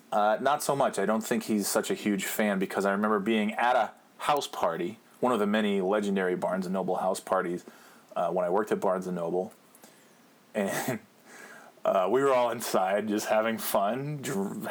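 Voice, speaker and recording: A man in his thirties hosting his own podcast, telling rambling, profane, jokey stories in a casual monologue. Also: lowish voice. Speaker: podcast host.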